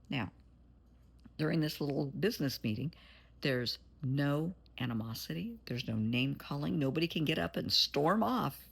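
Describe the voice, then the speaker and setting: A woman's voice: low-pitched, gravelly, slightly rough. A woman therapist giving an earnest, motherly pep talk straight to her viewers, blunt at times. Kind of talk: encouraging direct-to-camera talk.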